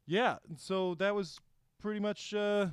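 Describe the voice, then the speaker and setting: On a comedy podcast based in Houston, a young co-host tells a history story in casual comedic chat, rambling with lots of fillers and restarts. His high voice is steady and smooth and a little slow, in clean studio sound with no echo.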